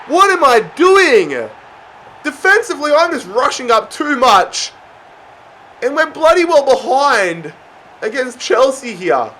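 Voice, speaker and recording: A young man giving excited, often yelled commentary on his own football video game match. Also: high-pitched, a little slow. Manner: excitable, yells at big moments. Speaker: gaming YouTuber.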